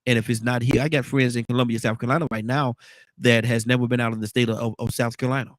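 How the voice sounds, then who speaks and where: A man's voice: medium pitch, level tone, very fast, dry recording. A man hosting a casual morning talk show, congested and rambling, often repeating words. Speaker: radio talk show host.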